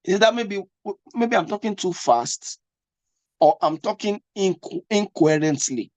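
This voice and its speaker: A man's voice: sits high, lively intonation, a little slow, no room sound. Man coaching, with repeated restarts. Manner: repetitive, stumbling restarts; asks listener to follow along. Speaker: English test coach. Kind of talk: spoken lesson.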